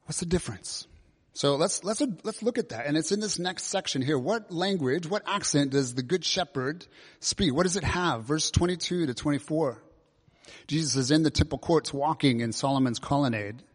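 A man gives a sermon in a relaxed, conversational manner. He leans on questions to the congregation, and his voice carries a long reverb from the large hall around him. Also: a little high, normal speed, husky. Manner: conversational, asks many questions. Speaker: preacher.

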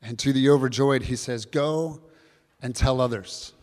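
A man's voice: mid-range voice, measured pace, darkish tone, in a large hall. A man preaching an earnest Easter sermon to his congregation, often repeating key phrases. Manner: earnest, repetitive preaching, addresses kids and congregation. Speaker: pastor.

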